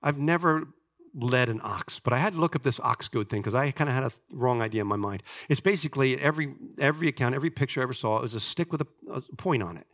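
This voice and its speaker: A man preaching a sermon in a conversational, animated way, swinging from loud emphasis to hushed asides and rhetorical questions. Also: medium pitch, quick pace.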